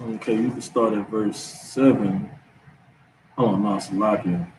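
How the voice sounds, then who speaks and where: A man's voice: fairly low pitch, fairly even intonation, measured pace, darkish tone, distant mic, slight background noise. A man leading a scripture class, talking in an emphatic, casual preaching manner. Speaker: class teacher.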